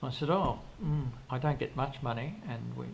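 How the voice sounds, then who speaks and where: With a creaky, medium-pitched, expressive voice at normal speed, an older man rambles through long stories as an interview guest, full of restarts and quoted lines. The audio sounds dull, with faint background noise.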